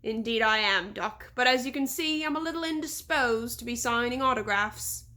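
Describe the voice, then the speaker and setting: Brief: cheeky rogue in a cell, slow, wry, slightly lowered, read by a woman. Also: bright, forceful tone. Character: roguish young Englishman in jail, smirking.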